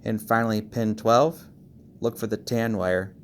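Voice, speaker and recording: Fast-talking man explaining car amp wiring. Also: lowish voice, fairly even intonation, slight background noise. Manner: talks fast, checks in with frequent okays. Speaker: car audio installer giving a tutorial. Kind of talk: casual screen-recorded how-to walkthrough.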